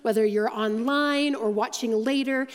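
A woman's voice: a little high, smooth. Chatty woman preaching in a big hall. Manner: chatty, self-deprecating storytelling with quick asides. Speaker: church staff speaker giving the message. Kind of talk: sermon. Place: large church auditorium.

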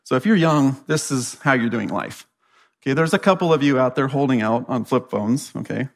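Speaking at medium pitch in an animated, brisk way, this American man delivers a chatty, conversational sermon to a church congregation. "Right?" comes up again and again as he checks in with the crowd.

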